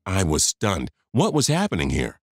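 A man's voice: deep voice, huge pitch swings, normal speed, no room sound, clean studio sound. A man in his fifties narrating a first-person story, confiding and talking straight to the listener.

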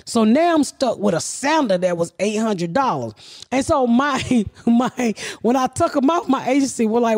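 A woman in her forties, a comedian hosting a podcast, telling stories in a brash, profane, animated way. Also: fairly high pitch, moderate pace. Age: 40s. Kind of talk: casual storytelling chat.

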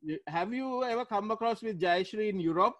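Male host, fairly high voice, dry close sound, asks questions hesitantly. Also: a little fast, fairly bright tone, dry recording. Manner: short affirming replies, hesitant questions. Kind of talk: casual interview chat.

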